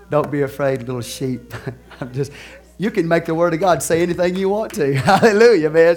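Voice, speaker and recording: Texan pastor preaching in loud-soft swings. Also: male voice, on the high side, expressive, normal speed, long pauses. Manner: laughs and jokes with the congregation. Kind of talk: sermon.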